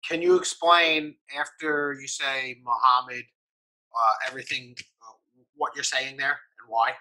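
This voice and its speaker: A man's voice: medium pitch, fairly even intonation, measured pace, sharp tone, rough recording. A man hosting an interview, asking short, curious questions. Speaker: interviewer and host.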